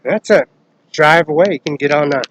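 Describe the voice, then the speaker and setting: A man's voice: fairly high pitch, fairly quick, fairly bright tone, slight background noise, poor audio. An agitated man delivering a rambling, profane complaint that jumps from topic to topic.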